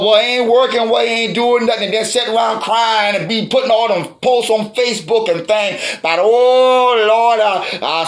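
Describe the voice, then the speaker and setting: A man doing a high-voiced scolding old grandpa. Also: echoey room, heavily acted. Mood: lecturing. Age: older. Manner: preachy, repetitive scolding, shouts for emphasis. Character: scolding old Southern grandfather, blunt and fiery. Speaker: grandfather giving advice. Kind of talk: comedic character monologue.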